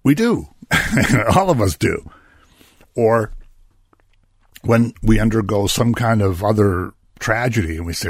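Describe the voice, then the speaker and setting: A man with a low, husky voice delivers a conversational Bible-study sermon. He keeps asking his listeners rhetorical questions and chuckles between points. His voice is close and dry, with no room sound around it. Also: lively intonation, slow, pauses often, no echo. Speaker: preacher.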